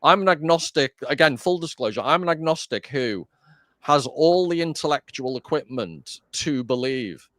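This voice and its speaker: A man's voice: on the high side, animated, normal speed, fairly bright tone, no room sound, studio quality. Chatty, self-deprecating man host. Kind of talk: casual discussion.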